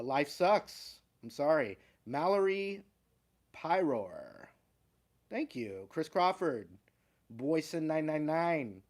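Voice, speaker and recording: Laid-back man reading viewer names. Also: on the high side. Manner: slow, easygoing, chuckles between names. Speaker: guitar teacher and livestream host. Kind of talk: casual livestream chat, reading out viewer names.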